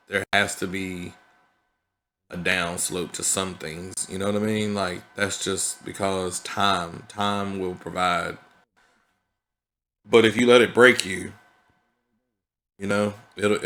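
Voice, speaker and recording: A man's voice: sits low, fairly even intonation, slow pace, fairly bright tone. A man talking through his thoughts in a casual, reflective vlog, earnest and conversational, often checking in with "you know what I mean". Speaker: vlogger.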